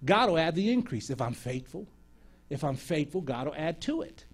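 Lively, laughing male preacher telling stories. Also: fairly high pitch, normal speed, slightly rough. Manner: animated storyteller, acts out voices, laughs often. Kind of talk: sermon storytelling.

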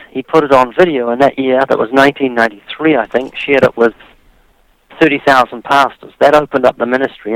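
A man's voice: medium pitch, no echo, rough recording. A man from New Zealand with a New Zealand accent, a radio interview guest who tells his story with dry humor.

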